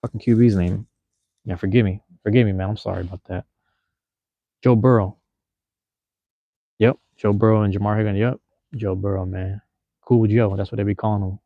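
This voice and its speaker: A low-voiced man from Seattle chatting on a livestream, loose and slangy, cursing casually as he answers his viewers. The sound is dry and a little dull, like a cheap desk mic. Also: fairly even intonation, normal speed, long pauses, no echo. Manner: loose, slangy, drops profanity, addresses chat. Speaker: livestream host.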